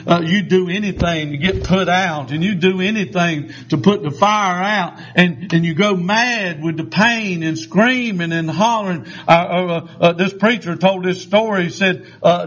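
A man's voice: on the high side, fairly bright tone. An older man preaching a sermon, telling stories in a folksy way with many fillers and restarts. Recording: dull lo-fi sound.

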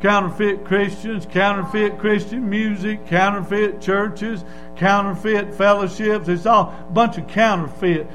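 A man preaching a Baptist sermon, hollering and swinging from low asides to loud shouts. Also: fairly even intonation, a little slow, faint music behind, low-quality recording. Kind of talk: fiery sermon. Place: church.

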